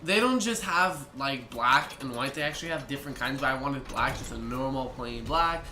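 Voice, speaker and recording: A man's voice: medium pitch, expressive, moderate pace, pushed and bright. A young man casually telling a story to his viewers, rambling and restarting sentences, full of "like" and "I'm like". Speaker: vlogger. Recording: echoey room with faint noise.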